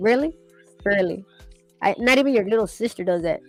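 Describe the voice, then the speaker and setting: A woman in casual chat who talks fast and acts out quotes with animated voices. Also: mid-range voice, soft background music, poor audio. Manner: fast-talking, animated storyteller acting out quotes.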